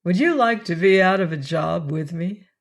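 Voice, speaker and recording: A woman's voice: on the low side, normal speed. A woman reading a teasing young man. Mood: insistent. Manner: teasing, gently insistent. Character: young man, good-humoured, teasing, kindly boss. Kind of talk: audiobook character reading.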